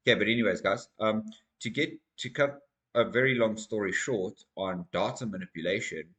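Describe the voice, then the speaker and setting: A man hosting his own crypto channel, with a fairly low voice. He talks to his viewers in an energetic, rambling manner, calling them guys as he walks through market data at his desk. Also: brisk. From South Africa. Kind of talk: casual market commentary to camera.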